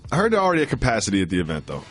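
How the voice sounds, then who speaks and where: Fast, animated male podcast host. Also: lowish voice, soft background music. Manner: quick, joking, animated. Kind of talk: casual podcast banter.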